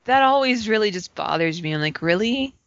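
A woman's voice: mid-range voice, expressive, brisk, fairly bright tone, slight background noise. A woman co-hosting a casual gaming chat, talking animatedly and laughing often. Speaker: podcast co-host. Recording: dull lo-fi sound.

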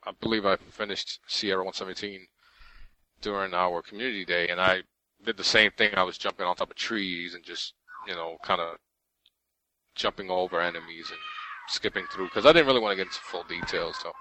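Male podcast co-host, low but bright, animated storyteller who laughs a lot. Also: a little fast, a little hiss or hum, low-quality recording. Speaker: podcast co-host reading listener mail. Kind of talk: casual gaming podcast chat.

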